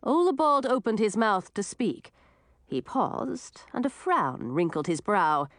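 A woman's voice: unhurried, dry recording, clean studio sound. A woman reading a storybook aloud, narrating expressively. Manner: expressive, varied pitch.

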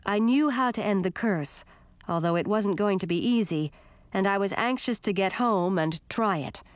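A woman reading a first-person fantasy story with steady, expressive narration. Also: mid-range voice, moderate pace, no room sound. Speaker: audiobook narrator.

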